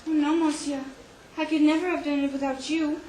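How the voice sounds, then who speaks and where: A woman's voice: high voice, flat delivery, a little fast, dark tone, slight background noise, natural voice. A woman playing an earnest, grateful mademoiselle. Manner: gushing, formal old-fashioned phrasing. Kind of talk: amateur stage play acting. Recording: echoey hall.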